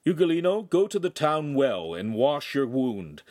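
Male reader as a fatherly priest, stern yet soothing, lively storybook tone. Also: medium pitch, a little slow, dry recording, clean studio sound, pitched above the performer's own voice. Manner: soothing, preachy.

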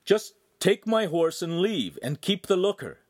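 A man's voice: high voice, very animated, unhurried, darkish tone, pitched above the performer's own voice, heavily acted. A man voicing a desperate young apprentice hero who pleads earnestly in an audiobook. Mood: pleading.

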